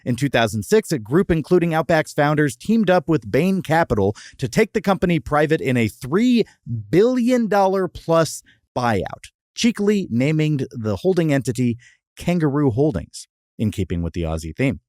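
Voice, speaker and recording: A man hosts a casual podcast, mixing banter with read-out history notes. His pitch moves a lot as he talks, lively and playful. The sound is close and dry, with no room in it. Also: moderate pace, dry recording. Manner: jokey, reads history notes between banter. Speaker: podcast host. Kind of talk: casual chat and read-out segments.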